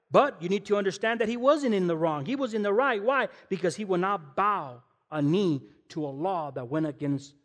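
Here a man, a visiting pastor, preaches in a high voice, each phrase ringing out into the long reverb of the church sanctuary. He fires off rhetorical questions to the congregation with animated emphasis, tossing in slang as he goes.

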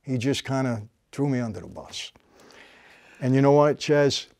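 Here a host walks listeners through a gripping personal experience at an ordinary speed, keeping it conversational and vivid. His voice rests at a middle pitch but often dips low and soft as suspense mounts. The sound is close, dry studio audio without any room sound.

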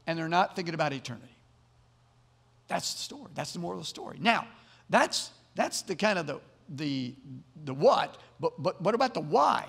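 A man's voice: on the high side, very animated, normal speed, creaky, a bit bright, breathy edge, in a large hall. A man preaching a sermon as pastor, earnest, often repeating words as he builds to emphatic points. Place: church sanctuary.

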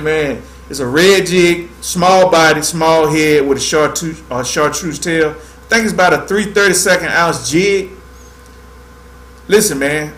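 A man's voice: a little high, fairly bright tone, roomy sound, low-quality recording. A man hosting a fishing livestream, talking in a laid-back, drawling way and dropping "man" into nearly every sentence. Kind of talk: casual livestream tutorial.

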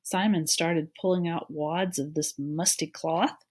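Lady reading a kids book out loud, steady, kinda low voice. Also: unhurried, hardly any pauses, husky. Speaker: reader. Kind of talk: reading a children's novel aloud.

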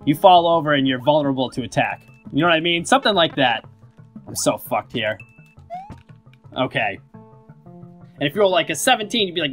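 A man's voice: fairly high pitch, lively intonation, brisk, fairly bright tone, faint music behind. A man giving rambling, casual commentary while playing a video game, often swearing. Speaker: gaming YouTuber. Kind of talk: casual let's-play commentary.

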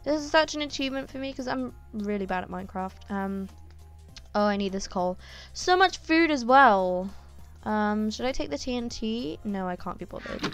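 A woman talking through her gameplay in a loose, chatty way, full of ums and sudden excited exclamations. Her voice sits a little high, and faint music plays underneath. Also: moderate pace, smooth. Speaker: gaming YouTuber. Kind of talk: casual gameplay commentary.

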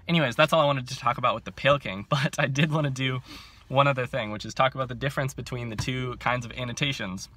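A young man in his twenties chatting to camera about books, excitable and self-mocking, with frequent laughs, filming on a handheld phone. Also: mid-range voice. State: overcaffeinated. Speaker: book vlogger. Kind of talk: casual chat to camera.

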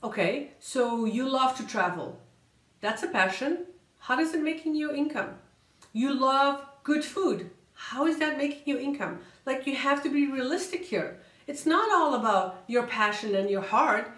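Energetic woman coaching, high voice, echoey room. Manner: energetic, emphatic, repeats words for emphasis; usually talks fast, slows down to stress key points. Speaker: career coach and vlogger. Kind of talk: motivational vlog talk to camera.

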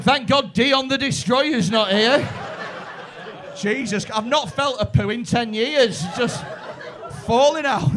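Man, Liverpool accent, stand-up crowd work, bright tense voice, brash, sweary, teasing. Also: high voice. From Liverpool, England. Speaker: stand-up comedian.

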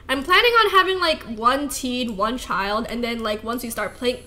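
A woman's voice: on the high side, moderate pace, bright, forceful tone. A woman streaming a game, chatting casually in a rambling, giggly way and laughing often. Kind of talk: casual live-stream chat while playing.

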